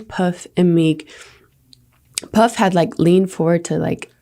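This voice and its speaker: A woman's voice: lowish voice, slow pace, creaky, warm tone. A woman being interviewed, telling her story hesitantly with many fillers. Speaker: interview subject recounting an experience. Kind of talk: recorded interview.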